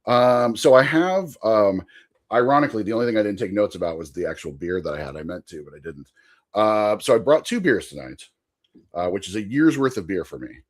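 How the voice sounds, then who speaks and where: A man's voice: lowish voice, expressive, fairly quick. A young man, a podcast guest, telling a rambling anecdote in a casual chat and laughing as he goes. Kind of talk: casual storytelling.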